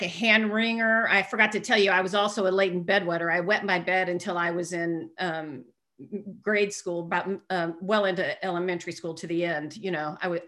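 Bright-voiced woman telling a comic life story. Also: medium pitch. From East Tennessee. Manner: self-mocking storyteller, comic asides, quick quoted voices. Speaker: recovery speaker. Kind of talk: personal story told to a meeting.

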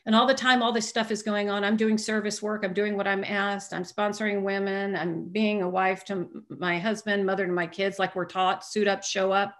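Woman, recovery speaker, lively storyteller who does the voices in her anecdotes. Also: mid-range voice, normal speed, hardly any pauses. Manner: animated storyteller who acts out quoted voices. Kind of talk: personal recovery talk to an audience.

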